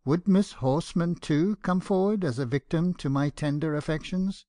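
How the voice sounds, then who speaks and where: A man's voice: a little high, dark tone, no echo. Man narrating an audiobook, dry and close. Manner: measured, earnest storytelling. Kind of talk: first-person audiobook narration.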